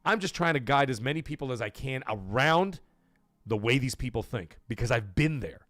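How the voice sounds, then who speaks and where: Animated man ranting on stream. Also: mid-range voice, normal speed, no room sound, studio quality. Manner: animated, emphatic, blunt with swearing. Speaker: gaming show host. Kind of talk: livestream chat and rant.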